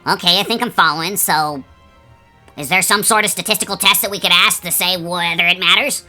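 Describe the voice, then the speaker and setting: A man voicing an eager young male student who asks earnest questions, his voice pitched up and heard from further off the mic. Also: steady tone, fairly quick, sharp tone, faint music behind.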